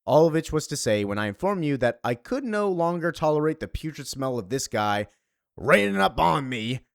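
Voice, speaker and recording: A man reading aloud as a formal, sharp-tongued young girl narrator from a comic, in a wordy, stiff manner. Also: on the high side, big pitch swings, normal speed, creaky, no room sound, clean studio sound, pitched above the performer's own voice.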